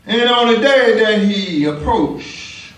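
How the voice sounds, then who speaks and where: A man a sermon as pastor, calling out to the congregation and rising into shouts. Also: sits high, animated, takes it slowly. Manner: call-and-response preaching, rising to shouts. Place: large church sanctuary. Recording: echoey church from a distance. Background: congregation calling back.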